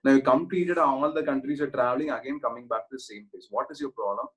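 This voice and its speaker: A man's voice: medium pitch, fast, lightly acted, poor audio. A man voicing a stern male cop who scolds and questions a wanderer in a classroom story. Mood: scolding.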